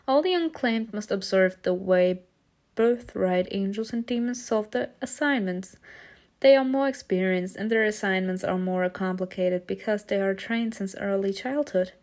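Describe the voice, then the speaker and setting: A woman's voice: mid-range voice, moderate pace, a little mellow, close to an everyday voice. A woman voicing a kind but strict female angel teacher in a fan reading of a story game. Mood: instructive.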